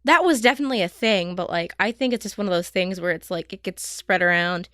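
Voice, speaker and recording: A woman co-hosting a podcast in casual chat, animated and teasing, full of fillers. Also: lowish voice, quick pace, no room sound, clean studio sound. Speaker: podcast co-host.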